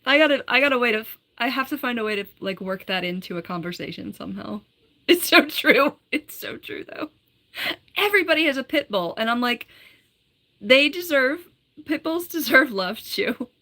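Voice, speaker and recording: A woman's voice: fairly high pitch, expressive, normal speed, pushed and bright. A woman hosting her own live stream. She chats casually, reads out viewer comments, giggles often and says "like" a lot. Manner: chatty, giggly, full of "like". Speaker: livestreamer.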